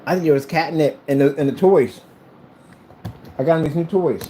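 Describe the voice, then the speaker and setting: A blunt middle-aged man talking off the cuff at home, his somewhat high voice swinging up and down with lots of life. He sounds combative and unscripted, with a faint hum of noise behind him. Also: animated, fast talker, warm tone. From United States. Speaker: small business owner vlogging. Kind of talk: casual unscripted vlog.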